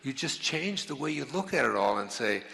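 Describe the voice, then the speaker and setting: A man giving a motivational talk, telling personal stories in an animated way, acting out the voices he quotes, with many restarts. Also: mid-range voice, normal speed, gravelly, slightly rough. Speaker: motivational speaker.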